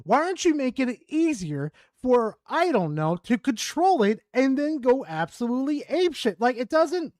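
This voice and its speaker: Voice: high-pitched, sing-song, moderate pace, few pauses, a little mellow, dry recording, studio quality. A streamer rambling and swearing in frustration while commentating a game. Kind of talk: gaming commentary while playing.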